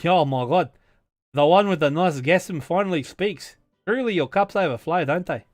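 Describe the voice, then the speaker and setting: A man's voice: fairly high pitch, normal speed, no room sound, studio quality, soft background music, voice pushed up, natural voice. A man putting on a brash Italian-Australian bro. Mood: cocky flirting. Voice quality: loud, blokey, calls everyone bro.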